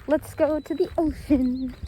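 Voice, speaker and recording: A woman's voice: high-pitched, a little slow. A woman of twenty-seven chatting casually on her vlog, bubbly and giggly, filming on a phone in a car and by the ocean. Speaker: vlogger. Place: in a car, then outdoors by the ocean. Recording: outdoor ambience with steady background noise.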